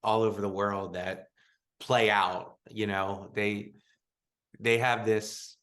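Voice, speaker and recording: A man hosts a casual podcast chat, laughing easily and rambling his way into questions. His voice is a touch low. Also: flat delivery, takes it slowly, fairly bright tone. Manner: laughs often, loose meandering questions. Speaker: podcast host.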